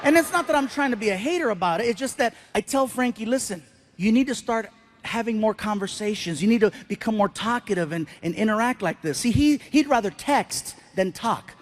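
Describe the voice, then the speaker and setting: A middle-aged man doing stand-up comedy, telling stories in an animated way and acting out other people's voices. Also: high-pitched, brisk.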